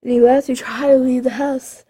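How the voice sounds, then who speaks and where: A woman's voice: high voice, little pitch movement, moderate pace, mellow, slightly rough. A woman improvising a spooky story in a rambling, dramatic way with creepy asides.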